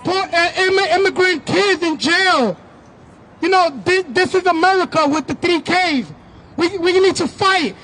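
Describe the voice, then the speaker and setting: A man's voice: very high-pitched, unhurried, bright, forceful tone, poor audio. A man speaking at an outdoor street protest, delivering a fervent rally speech into a microphone, repeating words as he builds.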